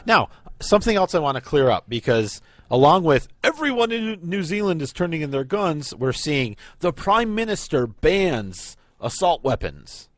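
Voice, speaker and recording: A man co-hosting a casual talk show, pitch rising and falling a lot as he makes opinionated, nitpicking points. His voice is close and dry, with no room sound. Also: very animated, moderate pace, no echo. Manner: opinionated, calls himself a pedant. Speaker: podcast co-host. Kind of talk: casual chat.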